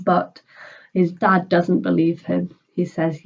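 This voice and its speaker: Give me a patient woman teacher reading a children's story slowly, muffled lo-fi sound. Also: lowish voice, level tone, gravelly, a little mellow. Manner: slow, patient, explains simply. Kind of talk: reading a children's book aloud and explaining it.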